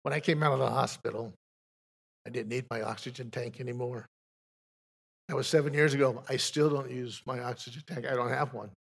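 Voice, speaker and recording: Older pastor with a gravelly voice. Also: male voice, mid-range voice, steady tone, brisk. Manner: folksy storytelling with frequent restarts. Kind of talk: testimony from the pulpit.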